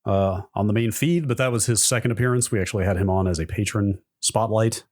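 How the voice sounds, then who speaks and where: A man co-hosting a casual podcast. He asks questions and makes dry jokes. His voice sits a little low. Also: fast talker, a little mellow. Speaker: podcast co-host.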